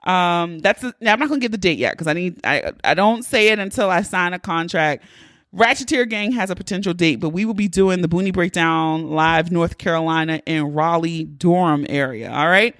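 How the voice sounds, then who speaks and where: Hosting her own podcast, a woman with a fairly low, slightly bright voice chats playfully at a normal pace, swearing freely. She is close-miked, with no room sound, in a casual monologue.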